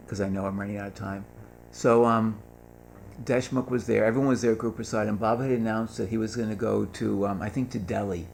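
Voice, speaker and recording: An older man with a lowish voice and vocal fry tells humorous anecdotes at a gathering, acting out the voices of the people he quotes. There's a little hiss or hum in the recording.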